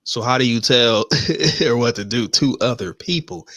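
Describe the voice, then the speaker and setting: A man's voice: a little high, expressive, brisk, a bit bright, dry recording. A man co-hosting a casual podcast, talking bluntly and joking, often laughing. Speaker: podcast co-host. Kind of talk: casual reaction talk.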